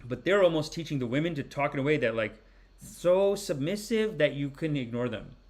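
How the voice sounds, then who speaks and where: Forties male host, comic pundit; animated, rambling, mock-sermon delivery, slightly high voice. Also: a little fast. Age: 40s. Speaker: podcast host. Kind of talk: comedic commentary.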